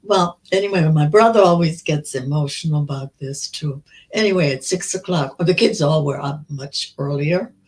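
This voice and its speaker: A woman in her nineties, a survivor, telling her memories in an interview, slow and halting with many restarts. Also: low-pitched, rough recording. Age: 90s. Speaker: Holocaust survivor guest.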